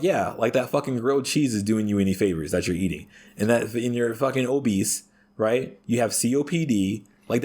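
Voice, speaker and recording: A man's voice: fairly low pitch, a little mellow, breathy edge. A man talking as a podcast guest in a profane, ranting way, punctuating his points with "right?". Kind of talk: casual podcast conversation.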